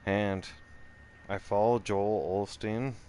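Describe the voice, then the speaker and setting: A man's voice: on the low side, fairly even intonation, takes it slowly, warm tone, a little hiss or hum. A middle-aged man telling a profane, rambling story in casual chat, full of "right?" asides. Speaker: streamer.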